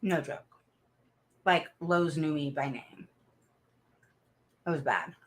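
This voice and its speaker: A middle-aged woman hosts a livestream as an autism parent advocate, chatting casually with viewers, sharing family stories and laughing a lot. Her voice is low and she speaks slowly.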